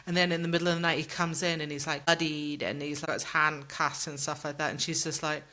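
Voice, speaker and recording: Woman co-host, bright, low-set voice, blunt, mimics characters. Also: fairly even intonation. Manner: blunt, acts out characters in quick quotes. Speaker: podcast co-host. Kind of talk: casual book-club chat.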